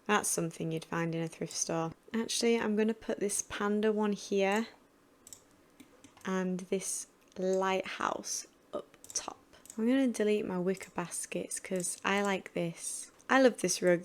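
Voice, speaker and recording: Woman, casual gameplay commentary, thinking aloud, mid-pitched voice. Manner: chatty, thinking aloud while building. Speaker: gaming channel host. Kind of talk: casual game build commentary.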